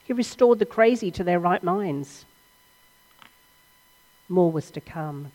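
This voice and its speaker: Delivering a sermon as a storytelling retelling, a woman preacher speaks earnestly and dramatically, posing one question after another. Her voice is lowish and a little mellow, her pace slightly slow with long pauses, and a long hall reverb follows each phrase.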